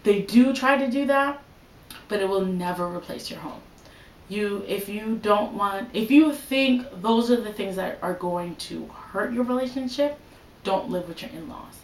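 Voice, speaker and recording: A woman's voice: mid-range voice, unhurried, echoey room, a little hiss or hum, low-quality recording. A young woman giving casual advice in a vlog, chatty and full of "like" and "you know". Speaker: vlogger.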